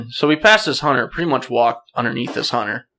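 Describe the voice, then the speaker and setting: A young man appears as a podcast guest, telling a hunting story in a casual, animated way while often laughing and clearing his throat. He speaks at a medium pitch and a little fast.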